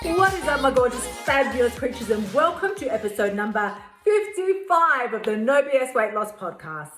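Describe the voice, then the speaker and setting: A woman's voice: a little high, sing-song, moderate pace, music in the background. A woman hosting her own podcast, chatty and frank, with slang and swearing. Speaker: podcast host. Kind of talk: energetic solo podcast talk. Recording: roomy echo.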